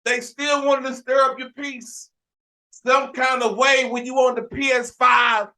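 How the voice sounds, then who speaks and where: A man hosting a casual sports podcast, telling an animated, ranting story with frequent restarts and shouted emphasis. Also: extremely high pitch, a little slow. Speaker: podcast host.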